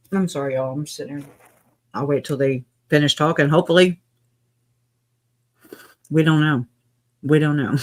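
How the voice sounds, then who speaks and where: A man hosting a casual live stream, chatting with a chuckle while he eats. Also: on the high side.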